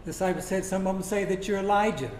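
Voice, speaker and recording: A man preaching a sermon, telling Bible stories dramatically and dropping to a hush for quoted lines. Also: high-pitched, steady tone, quick pace. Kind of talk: sermon storytelling. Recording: echoey room with faint noise.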